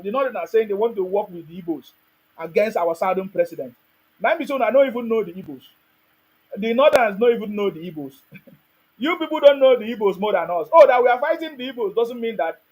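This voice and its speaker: Husky high Nigerian man ranting. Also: poor audio. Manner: emphatic, rhetorical questions, mixing in Pidgin. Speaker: online show host. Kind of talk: animated political commentary.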